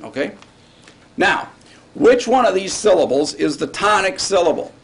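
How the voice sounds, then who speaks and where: A man's voice: high voice, lively intonation, moderate pace, breathy edge. A man lecturing on Hebrew grammar to a class, in a casual way, often checking in with his students.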